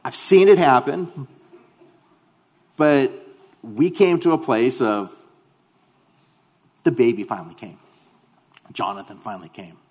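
Male pastor, joking storyteller, mid-pitched voice, reverberant hall. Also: unhurried, pauses often, darkish tone, breathy edge. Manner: humorous, conversational storytelling. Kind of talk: sermon with a personal story.

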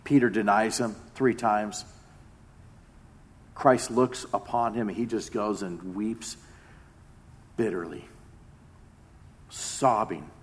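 A man preaching a sermon, retelling a story with dramatic swings between loud emphasis and hushed tones. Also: on the low side, steady tone, slow, pauses often.

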